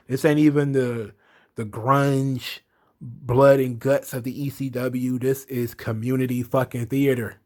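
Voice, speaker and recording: A man hosting a casual wrestling recap, blunt and profane, ranting with his own opinions. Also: mid-range voice. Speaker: wrestling commentary host.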